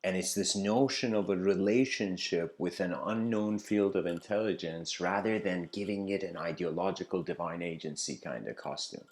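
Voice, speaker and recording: A man with a low voice talks at normal speed, hardly pausing. He gives an improvised lecture blending a story with reflection, speaking loosely with lots of fillers and frequent "you know."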